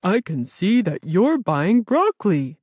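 A woman's voice: mid-range voice, big pitch swings, a little slow, breathy edge, no room sound, studio quality. Woman doing a cheerful friendly bear. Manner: warm, dreamy and enthusiastic. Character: cheerful friendly male bear who loves vegetables. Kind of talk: children's audiobook character voice.

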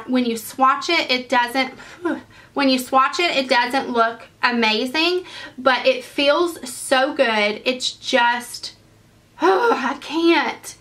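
A woman's voice: high-pitched, bright, forceful tone. A young woman, chatting casually and gushing about makeup in a favorites video. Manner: gushing, enthusiastic. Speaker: beauty vlogger.

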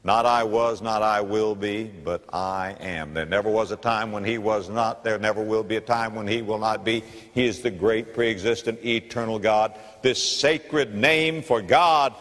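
With big swings in pitch from a medium base, this preacher talks at normal speed in a sharp tone. He's a Southern American pastor from Florida, preaching emphatically and repeating key lines for weight, recorded in a reverberant church sanctuary.

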